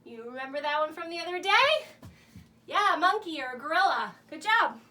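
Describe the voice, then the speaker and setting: Bright high-voiced lady doing a kids show, super bouncy and encouraging, mic kinda far off w a little hum. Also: brisk. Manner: animated, encouraging, speaks to kids at home. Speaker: children's show host. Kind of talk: playing charades with young viewers. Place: home laundry room. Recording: a bit away from the mic, faint room hum.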